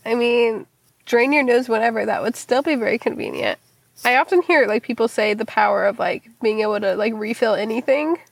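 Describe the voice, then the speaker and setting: A woman's voice: on the high side, brisk, creaky, no room sound. A young woman co-hosting a podcast in a laid-back, casual chat. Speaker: podcast co-host.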